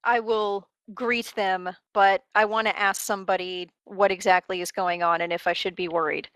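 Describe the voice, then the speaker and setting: A woman's voice: fairly low pitch, flat delivery, fairly quick, fairly bright tone, dry recording, rough recording. A woman playing a tabletop game, making wry, dry remarks. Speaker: player. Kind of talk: casual chat.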